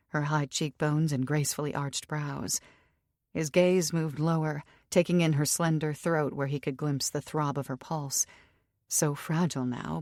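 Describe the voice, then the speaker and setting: A woman narrating an audiobook with even, steady storytelling on a close studio mic. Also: low-pitched, no echo. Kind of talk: scripted narration.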